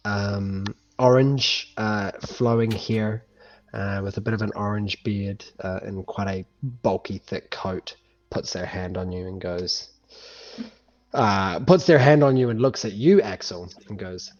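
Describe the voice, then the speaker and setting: Low-voiced game master on a lo-fi recording. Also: male voice, measured pace, darkish tone. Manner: loose, full of fillers. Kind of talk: narrating a tabletop game. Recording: muffled lo-fi with faint music.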